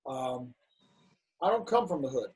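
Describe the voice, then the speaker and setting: Husky middle-aged man, frank storyteller. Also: mid-range voice, expressive, measured pace, darkish tone, low-quality recording. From United States, Cincinnati. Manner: frank, talks through restarts and stammers. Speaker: filmmaker and actor, guest. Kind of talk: candid interview storytelling.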